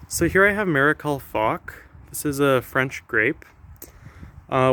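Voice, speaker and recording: A man's voice: medium pitch, fairly bright tone, clear, resonant tone. A young man walking through his backyard garden, chatting casually, a bit out of breath and correcting himself as he goes. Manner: chatty, self-correcting, quick little laughs. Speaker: gardener vlogger. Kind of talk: casual garden tour walkthrough. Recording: faint outdoor noise, passing planes.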